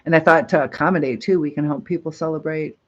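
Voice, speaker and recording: A woman's voice: low voice, fairly even intonation, fast talker, highs cut off. A woman hosting a casual live stream, chatting and reading viewer comments aloud with frequent laughs.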